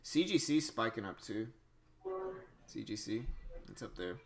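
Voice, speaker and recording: A man's voice: lowish voice, lively intonation, a little slow, crowd noise. A young man hosting a day-trading livestream, chatting casually with viewers, with frequent restarts. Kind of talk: casual live-stream chat.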